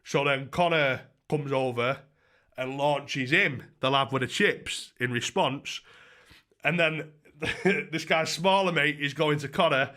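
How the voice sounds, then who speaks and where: A man's voice: fairly high pitch, takes it slowly, sharp tone. A young man, rambling through a story in casual, swearing chat on his livestream.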